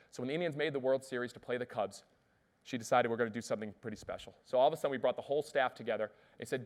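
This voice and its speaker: Fast-talking, upbeat male keynote speaker. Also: medium pitch. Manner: lively, asks the audience questions. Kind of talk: energetic storytelling keynote speech.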